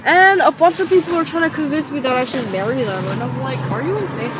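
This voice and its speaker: A young woman with a high voice rambles and rants, full of "like" fillers and agitated asides. The audio is slightly dull and lo-fi, with a faint hiss of noise behind her. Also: quick pace. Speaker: vlogger. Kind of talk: rambling casual monologue. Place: in a tent.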